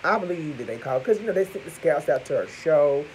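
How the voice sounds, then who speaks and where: Man, vlogger, slightly high voice that swings wildly up and down; crude and profane, keeps calling out to the viewers. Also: lively intonation, fast talker, background noise. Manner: addresses viewers as "y'all". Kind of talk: profane celebrity gossip commentary.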